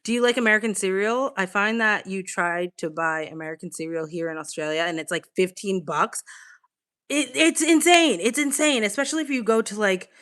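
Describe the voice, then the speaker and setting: A woman's voice: mid-range voice, animated, brisk, few pauses, a bit bright, smooth. A young woman with a Boston accent, chatting casually on a live stream, swearing freely and answering her chat. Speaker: livestream host. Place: home, on a couch with a blanket.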